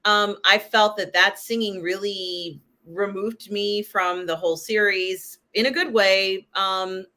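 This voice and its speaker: A woman's voice: mid-range voice, steady tone, slow, few pauses, bright, forceful tone. A woman hosting a casual live-stream pop culture chat, talking in a chatty way with many "um"s and "you know"s. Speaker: host.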